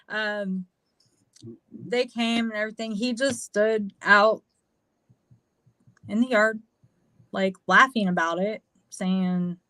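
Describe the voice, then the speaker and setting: A woman's voice: medium pitch, fairly even intonation, slow pace, pauses often, pushed and bright, no echo. Female guest, American, casual storyteller, frank and profane, dry sound. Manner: candid, swearing, lots of fillers. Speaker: podcast guest.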